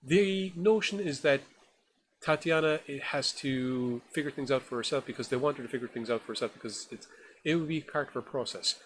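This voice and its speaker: A man's voice: medium pitch, fairly quick, slight background noise. A man co-hosting a horror film podcast, reviewing a new film in casual, enthusiastic, rambling chat. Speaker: podcast co-host.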